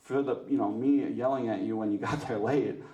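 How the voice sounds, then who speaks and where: A man giving a lively, joking talk to a women's church group, teasing himself and asking the audience questions. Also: mid-range voice, fairly quick, reverberant, recorded from a distance. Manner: lively, joking, self-mocking, asks the audience. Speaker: parish speaker. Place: church meeting room.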